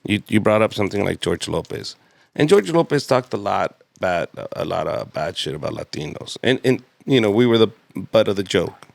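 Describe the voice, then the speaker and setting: A man's voice: lowish voice, very animated, moderate pace, vocal fry, no echo. A man in his late thirties, a comedian guest telling casual, profane stories and laughing often. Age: 30s. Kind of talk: casual storytelling.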